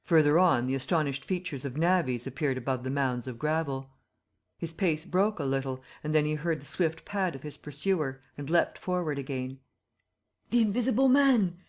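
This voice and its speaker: An audiobook narrator giving a steady, even reading of a classic novel. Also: medium pitch.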